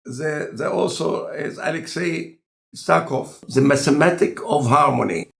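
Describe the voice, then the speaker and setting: A man with an Egyptian accent and a non-native speaker of English, talking in a relaxed, conversational lecture style with deliberate, halting phrasing. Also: fairly high pitch, gravelly. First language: Arabic. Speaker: scientist in conversation.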